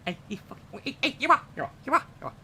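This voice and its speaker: A man imitating an agitated young man from a comedy sketch, with a Liverpool accent, shouting and repeating himself. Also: extremely high pitch, very animated, rapid-fire, slight background noise, voice pushed up, full character voice. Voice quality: shouty, repetitive.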